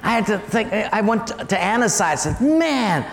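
A male pastor giving a sermon, animated and storytelling, asking the congregation to join in. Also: sits high, a little fast, reverberant, in a large hall.

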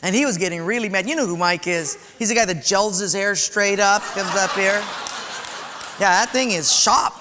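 A man preaching a sermon as pastor, telling stories with lively, animated delivery and acting out other people's angry words. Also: high-pitched, normal speed, background noise. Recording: church sanctuary with long reverb.

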